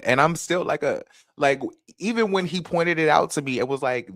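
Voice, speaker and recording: A man's voice: a little high, moderate pace, no room sound, clean studio sound. A man in his thirties from North Carolina with a Southern accent, hosting a casual live chat with viewers and swearing freely. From Fayetteville, North Carolina. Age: 30s. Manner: animated, swearing, chatty with viewers. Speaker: host.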